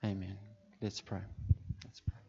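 A man's voice: measured pace, mellow. Man preaching in a reverberant hall. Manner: impassioned, rising to calls. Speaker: pastor. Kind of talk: sermon. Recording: dull sound with long hall reverb.

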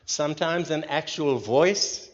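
A man leading a church group, giving an informal sermon in a slow, earnest way and putting questions to the listeners. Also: a little high. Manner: slow, earnest, pauses between phrases. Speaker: leader of a church group meeting. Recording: dull recording with long hall reverb.

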